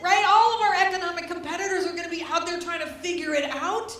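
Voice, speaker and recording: A middle-aged woman giving a public lecture to an audience, animated and humorous, at times rising almost to a shout. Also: extremely high pitch, quick pace, few pauses, a little hiss or hum. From United States. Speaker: lecturer, former governor. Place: library lecture hall. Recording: very echoey hall, voice from some distance.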